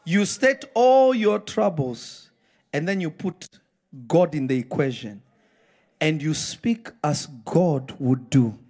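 A man preaching a live sermon in a church, reading scripture slowly and then breaking into impassioned shouts. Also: on the high side, lively intonation. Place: church sanctuary.

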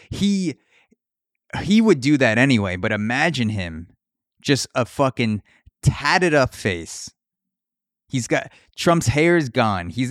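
Young male podcast host, crude riffing comic, middle pitch, dry recording. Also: a bit bright, no room sound. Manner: crude, riffing, shifts into mock voices for bits. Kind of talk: comedic podcast rant.

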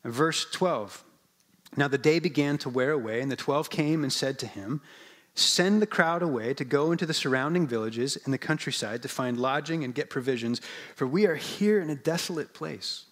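A man's voice: medium pitch, normal speed, fairly bright tone. A man preaching a sermon as pastor, in a conversational, humorous way, often asking the congregation questions.

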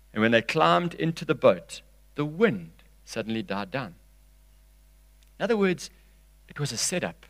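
A man preaching a sermon, reading scripture aloud with expression and swinging from loud, emphatic lines to hushed ones. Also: fairly high pitch, big pitch swings, normal speed, no echo.

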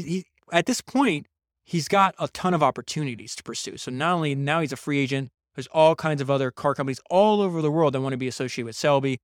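A man hosts a podcast and retells a biography in a casual, lively way, full of quick asides and restarts. His voice sits at a middling pitch. The sound is close and dry. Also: no room sound. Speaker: podcast host reviewing a biography. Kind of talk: casual book summary.

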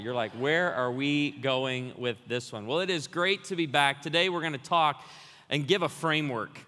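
A man preaches a lively, joking sermon, spinning stories for the congregation. His fairly high voice has a bright, forceful edge, and long reverb rings through the church hall. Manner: humorous, storytelling, animated. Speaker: guest pastor.

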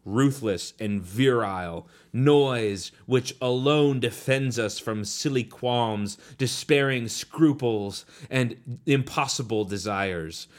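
A man reading aloud from a book as a scheming senior male demon writing a letter, in a slow and deliberate way. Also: fairly low pitch, close to an everyday voice.

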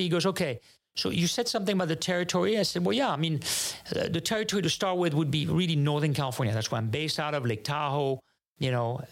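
A man from France with a French accent, a native French speaker, telling a story as a podcast guest in a lively way that acts out both sides of each conversation and often restarts his sentences. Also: on the high side. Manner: animated, acts out dialogue, frequent restarts. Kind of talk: casual storytelling.

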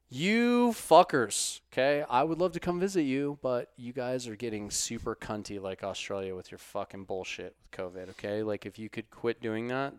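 A man hosting a podcast in casual, profane chat, swinging from muttered asides to loud outbursts. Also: lowish voice, clean tone, no room sound, studio quality. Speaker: podcast host.

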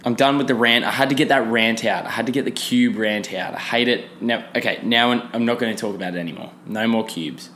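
A man's voice: medium pitch, fairly quick, few pauses, fairly bright tone, a little hiss or hum. A young man, rambling casually through a solo podcast with lots of fillers and restarts. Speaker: podcast host.

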